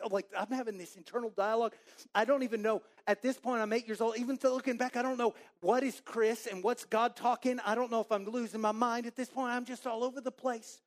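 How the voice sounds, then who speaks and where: A man in his forties from Texas, preaching a sermon through a lively personal story and acting out his own inner voice. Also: extremely high pitch, fast talker. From Texas, USA. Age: 40s.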